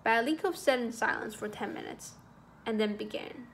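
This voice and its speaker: A woman with a high voice reads a classic short story aloud. Her narration is measured and expressive, with a faint hiss of noise beneath it. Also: creaky. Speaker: audiobook reader.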